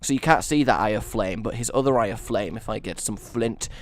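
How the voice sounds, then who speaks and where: A man's voice: fairly low pitch, a little fast. A man casually commentating a building game, rambling and joking at his own expense. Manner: rambling, self-mocking, jokey. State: sore neck. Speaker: gaming video host.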